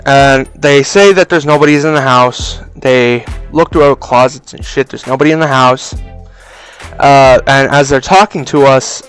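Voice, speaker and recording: A young man casually telling a story for a vlog, animated and swearing freely, on a cheap mic. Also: mid-range voice, moderate pace, smooth, soft background music. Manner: animated, profane, acts out voices. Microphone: cheap low-quality mic.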